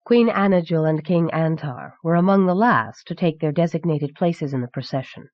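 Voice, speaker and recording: A woman narrates a fantasy novel as an audiobook, reading the script in a measured, even manner with a low-pitched voice. It's a dull, dry old cassette recording with no room sound.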